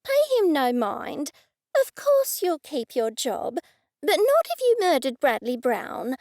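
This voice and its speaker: Woman voicing a gentle, placating woman sleuth. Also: sits high, big pitch swings, slow pace, no room sound, studio quality, voice pushed up, full character voice. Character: kind cheerful woman amateur sleuth.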